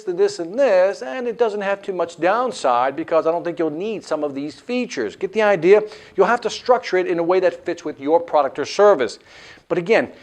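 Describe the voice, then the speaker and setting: A man teaching a sales lesson in an animated way, acting out what the customer thinks. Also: high voice. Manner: animated, acts out customer lines. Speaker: sales instructor. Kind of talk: instructional lecture.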